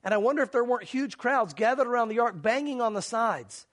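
A man's voice: extremely high pitch, fairly quick. A man preaching a sermon, dramatic at times, acting out scenes and pleading earnestly with his listeners. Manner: dramatic, acts out mocking crowds and shouts; earnest, pleading altar call. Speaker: pastor.

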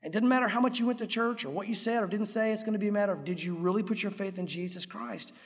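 A middle-aged male pastor preaching an earnest, animated sermon in a church, acting out crowd voices along the way. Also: high-pitched, fast talker. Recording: echoey hall with long reverb.

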